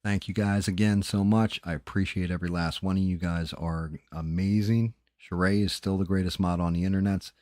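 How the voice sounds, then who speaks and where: Deep-voiced, tired, profane male streamer. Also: fairly even intonation, brisk, few pauses, darkish tone, no echo, studio quality. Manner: loose, profane, rambling. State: tired late at night. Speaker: livestream host. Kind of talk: casual late-night livestream chat.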